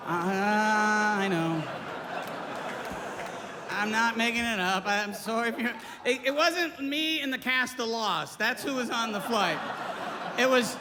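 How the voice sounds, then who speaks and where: A man's voice: very high voice, slow pace. A man performing a stand-up comedy set on a stage before a live audience, with erratic, yelping outbursts. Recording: live hall with audience noise.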